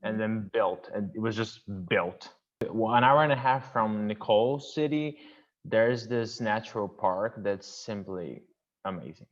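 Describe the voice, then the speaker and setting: A man's voice: lowish voice, measured pace. Brazilian-accented young man on a muffled call. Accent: Brazilian Portuguese. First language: Portuguese. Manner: enthusiastic, loose, many fillers and restarts. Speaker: international student guest. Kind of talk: casual interview chat. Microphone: video call. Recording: dull lo-fi video call audio.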